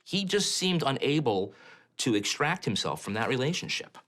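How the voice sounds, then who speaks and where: A man's voice: medium pitch, sing-song, moderate pace, noisy background. A man, a local journalist, recounting events in a matter-of-fact, storytelling way during a documentary interview. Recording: music bed under the voice.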